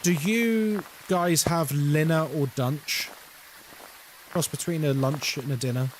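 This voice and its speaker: A man's voice: on the high side, slow, a little hiss or hum. A young man streaming a horror game, chatting casually and playfully with his viewers as he plays. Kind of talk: casual live-stream chat while gaming.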